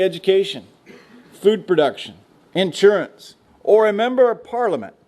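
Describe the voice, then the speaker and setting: A man's voice: sits high, warm tone. A middle-aged man from the United States speaking to students, a folksy storyteller joking about ranch life. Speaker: guest speaker. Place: lecture room.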